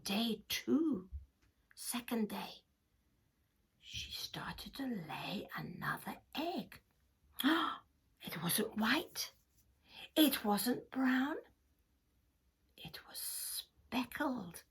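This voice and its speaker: A woman's voice: a little high, very animated, extremely slow, long pauses, slightly rough. A woman telling a children's story, dropping into dramatic whispers and gasps.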